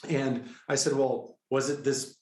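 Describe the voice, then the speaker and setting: A middle-aged man telling a personal story with excitable, animated energy, often breaking into quoted dialogue. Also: medium pitch, a little slow. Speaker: guest, healer. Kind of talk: storytelling in a conversational interview. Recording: echoey room.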